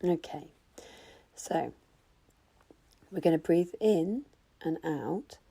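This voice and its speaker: A woman guiding a yoga class with calm, slow cues. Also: low voice, creaky, husky. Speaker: yoga instructor. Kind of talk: guided yoga instruction.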